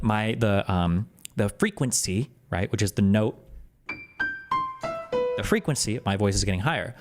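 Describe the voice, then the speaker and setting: A man talking casually on his stream, explaining things quickly and animatedly, his voice jumping higher when he gets exasperated. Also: faint music behind. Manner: fast, animated, explanatory talk that jumps up in pitch when exasperated. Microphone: close desk microphone.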